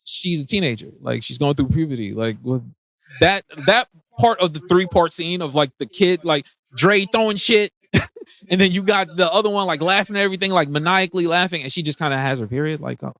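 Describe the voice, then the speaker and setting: A man's voice: fairly high pitch, brisk, fairly bright tone. A man co-hosting a podcast, recapping a film in loose slang and often asking "know what I mean". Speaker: podcast co-host. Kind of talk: casual film discussion.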